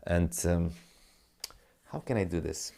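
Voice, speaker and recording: A man's voice: sits low, animated, slow pace, creaky, mellow. A man talking casually through crypto charts as a trading analyst, rambling and muttering to himself in non-native English, with the odd swear.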